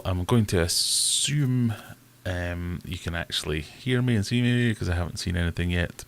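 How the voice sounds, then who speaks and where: A man with a somewhat low voice hosts a relaxed live stream. He chats loosely, greets viewers by name and makes fun of himself. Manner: self-deprecating, chatty, greets viewers by name. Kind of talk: casual live-stream chat.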